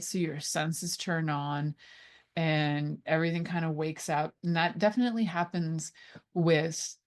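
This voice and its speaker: A woman with a notably low voice hosts a radio talk show as an intimacy coach. She chats casually and playfully, wandering off on tangents and filling pauses with "um" and "like.". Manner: chatty and playful, with frequent fillers.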